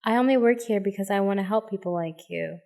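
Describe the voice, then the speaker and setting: Girl reading a calm earnest lady therapist, game lines. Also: mid-range voice, fast, vocal fry, a little hiss or hum, close to an everyday voice. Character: earnest young female hospital therapist.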